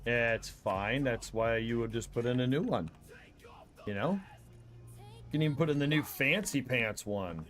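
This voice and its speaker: A man's voice: mid-range voice, expressive, normal speed, long pauses, fairly bright tone, soft background music. A man chatting casually as a guest on a co-op gaming stream, easygoing and hedging as he talks.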